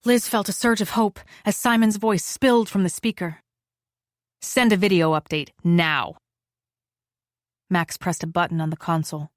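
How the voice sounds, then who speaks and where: A woman reads a suspense novel aloud in a measured, even way, voicing each character's lines as she goes. Her voice sits on the low side. The recording is dry and close. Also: no room sound. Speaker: audiobook narrator. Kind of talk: scripted narration.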